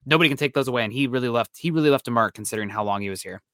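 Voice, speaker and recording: A young man co-hosting a casual sports podcast, telling stories in a quick, excitable way. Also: mid-range voice, dry recording, clean studio sound. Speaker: podcast co-host.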